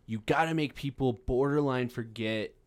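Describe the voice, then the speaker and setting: A man's voice: mid-range voice, normal speed. A man, a comedian, in a casual podcast chat, reasoning aloud in rambling sentences that keep restarting. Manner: thoughtful, rambling with restarts, "I was about to say".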